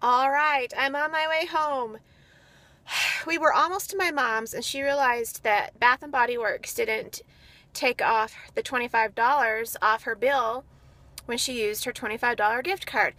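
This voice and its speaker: A woman's voice: fairly high pitch, a little slow, sharp tone. A woman chatting casually and rambling through her day for a vlog, filmed on a phone in a car. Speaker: vlogger. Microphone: phone camera.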